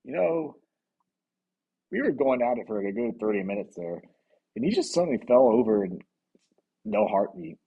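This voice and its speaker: A man voicing a baffled, polite super soldier captain who avoids swearing and speaks haltingly. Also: mid-range voice, sing-song, vocal fry, husky, phone-quality sound, heavily acted. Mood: puzzled.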